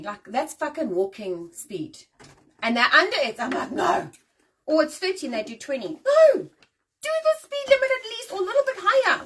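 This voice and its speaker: A woman's voice: mid-range voice, far from the mic, noisy background. A woman from Africa, hosting a casual live-stream rant and swearing freely. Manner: animated, swears freely, ranting. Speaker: host.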